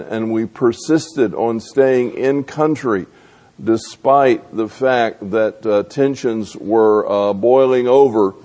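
Slow, deliberate male preacher. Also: mid-range voice, darkish tone. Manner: deliberate, with frequent filler pauses and repeated rhetorical questions. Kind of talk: sermon.

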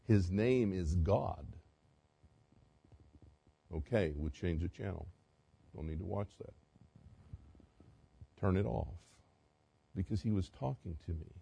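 A pastor preaching a sermon, swinging from loud emphatic passages to quiet, conversational asides and direct questions to the congregation. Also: male voice, low-pitched, creaky, slightly rough.

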